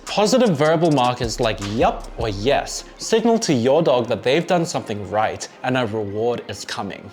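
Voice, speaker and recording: A man narrating a scripted dog-training lesson in a clear, friendly teaching tone. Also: medium pitch.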